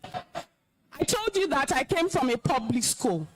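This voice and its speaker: Nigerian woman, high voice, lively swooping pitch, commanding, scolding an assembly. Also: takes it slowly, poor audio. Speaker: alumna guest speaker, compere. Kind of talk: stern address to students. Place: school hall, live event.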